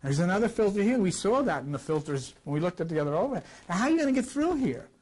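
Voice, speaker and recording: An older man teaching a scripture class in a rambling, conversational way, his voice a little rough from a recent cough and swinging between loud and quiet. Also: sing-song, rapid-fire. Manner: rambling, conversational, with wide swings in pitch and loudness. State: recovering from a cough. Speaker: lecturer.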